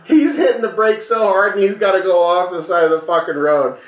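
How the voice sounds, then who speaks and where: A man with a slightly high voice spins a rowdy road-trip tale for his co-host, swearing freely and mimicking each character. The talk is loose and conversational. His voice rings around a reflective room. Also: brisk, reverberant. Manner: animated storyteller, acts out voices, swears freely. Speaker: podcast co-host. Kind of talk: casual storytelling over a beer.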